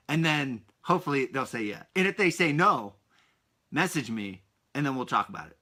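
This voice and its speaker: A man's voice: medium pitch, expressive, moderate pace, sharp tone. A man in his thirties hosting a podcast for kids, talking in an upbeat, enthusiastic way and speaking to his young listeners directly. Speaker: podcast host. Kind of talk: upbeat kids' podcast talk.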